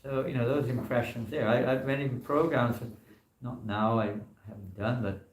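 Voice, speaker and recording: A man's voice: mid-range voice, normal speed. A man, a monk, giving an informal scripture class in a temple hall, talking in a loose, rambling way full of "you know" fillers.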